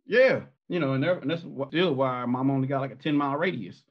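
A man guesting on his sister's podcast who tells rambling, animated stories and laughs as he talks. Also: medium pitch, a little fast, highs cut off. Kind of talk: casual storytelling.

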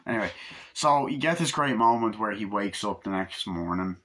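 A man's voice: on the low side, expressive, normal speed, fairly bright tone, a little hiss or hum. A man giving a casual, rambling movie review, acting out scenes with quoted voices and swearing.

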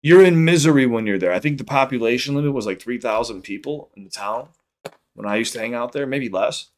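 A young man from Chicago with a Chicago accent, chatting casually on a livestream while high, rambling and swearing often. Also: a little fast, slight background noise. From South Side of Chicago. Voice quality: rambling, profane, repeats himself. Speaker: streamer.

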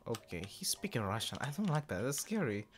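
Casting: excitable male gamer, casual profane commentary, very animated voice, faint music behind. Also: mid-range voice, fairly quick. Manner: excitable and profane, swinging between mumbling and yelps. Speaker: game streamer.

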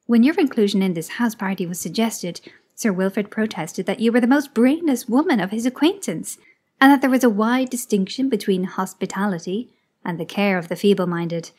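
A woman's voice: medium pitch, fairly quick, a little mellow, natural voice. A woman voicing an aloof talking male house cat who speaks with cold, cutting indifference in a read-aloud story. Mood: cool disdain.

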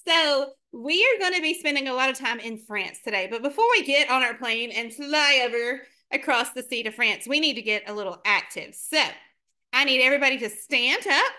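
High bright lady teacher, super encouraging, says each word slow and clear for the kids. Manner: upbeat and encouraging, slow clear modeling of words. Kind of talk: classroom lesson to children.

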